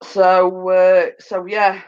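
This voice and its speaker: Woman host, tired with a cold, slow rambling chat, muffled lo-fi phone sound. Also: on the low side, completely flat delivery, smooth. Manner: rambling, filler-heavy, repeats "as I say". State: tired and yawning, coming down with a cold. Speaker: livestream host. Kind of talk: casual chat.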